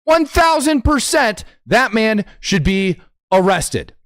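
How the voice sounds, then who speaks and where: A man's voice: sits high, very animated, slow pace, a bit bright. A man hosting a political commentary show, talking bluntly and with indignation as he reacts to clips. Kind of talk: opinionated live commentary.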